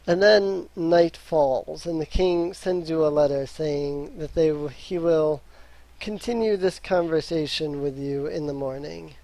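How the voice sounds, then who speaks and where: A man running a tabletop game as dungeon master, narrating haltingly with many fillers. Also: a little high, gravelly, mellow, no room sound.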